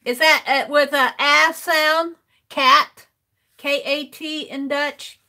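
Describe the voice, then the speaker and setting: Her voice sits high and bright with a forceful edge, and her intonation stays fairly even at a slow pace. This middle-aged artist laughs a lot as she works through casual livestream chat, spelling out words letter by letter while reading comments.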